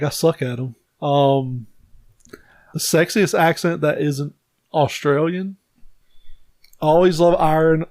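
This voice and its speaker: A man's voice: on the high side, no room sound, studio quality. A man co-hosting a podcast in casual crude chat, laid-back, with short agreeing replies. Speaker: podcast co-host.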